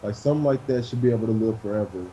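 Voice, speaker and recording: A man, a wrestler, telling a story in an interview in an animated way and acting out what people said. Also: lowish voice, rapid-fire, a little hiss or hum, rough recording. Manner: animated storyteller who acts out quotes.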